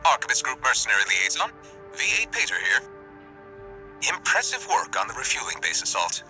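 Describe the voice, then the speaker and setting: A man's voice: fairly low pitch, wildly swooping pitch, a little fast, bright, forceful tone, faint music behind, heavily acted. An actor playing a courteous male corporate mercenary liaison in a video game, speaking in a polished, formal and genial way.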